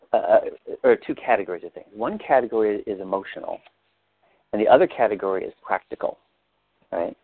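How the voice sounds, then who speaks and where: A man leading a coaching session, asking gentle probing questions and explaining step by step. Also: fairly low pitch, gravelly, no echo, phone-quality sound.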